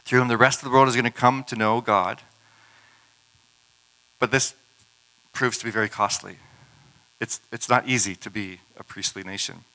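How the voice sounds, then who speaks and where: Bright-voiced male preacher telling stories. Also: medium pitch, steady tone, moderate pace, long pauses, low-quality recording. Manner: conversational storytelling with casual asides. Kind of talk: sermon retelling scripture stories.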